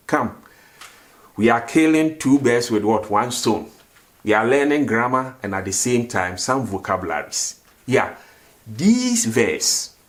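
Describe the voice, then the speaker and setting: A man teaching a grammar lesson, who asks questions and answers them himself and repeats words for drill. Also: mid-range voice. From Ghana. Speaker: language teacher.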